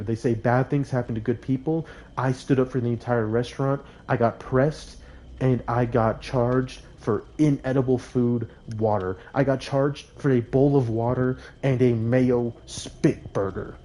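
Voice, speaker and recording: Dark-voiced young man ranting casually. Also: mid-range voice. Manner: indignant, rambling, repeats himself for emphasis. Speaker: streamer. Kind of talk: casual storytelling on a livestream.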